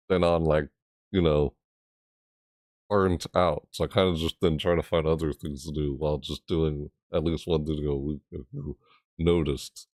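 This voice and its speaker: A man who makes gaming videos, chatting casually to camera, reading out viewer messages and answering them in a rambling way, with sudden high yelps. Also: mellow, no echo, studio quality. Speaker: gaming YouTuber reacting to trailers and chat.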